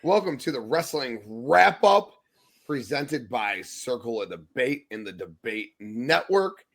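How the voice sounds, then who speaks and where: A man's voice: medium pitch, very animated, a little slow, vocal fry, fairly bright tone. A man hosting a casual wrestling podcast, upbeat and joking, swearing freely as he runs the panel. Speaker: podcast host. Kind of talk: casual sports podcast chat.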